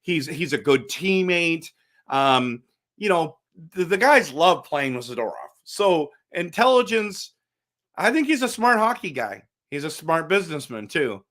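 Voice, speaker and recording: A middle-aged man with a slightly raised voice talks through a casual fan vlog. He is animated and chatty, speaks directly to his viewers, and often repeats himself or restarts a phrase. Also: fairly high pitch, unhurried. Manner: frequent repetitions and restarts. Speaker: hockey fan channel host.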